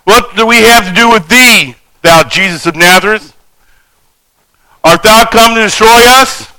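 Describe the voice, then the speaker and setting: A man voicing a defiant male unclean spirit with loud, drawn-out, strained cries, acted out in a sermon. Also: sits high, no room sound, voice pushed up, exaggerated voice, low-quality recording. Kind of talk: acting out scripture in a sermon.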